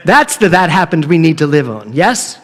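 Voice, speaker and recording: A middle-aged man preaching a sermon, telling a humorous story and acting out the dialogue in a playful, animated way. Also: a little high, moderate pace. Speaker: minister. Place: church sanctuary. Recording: long reverb of a hall.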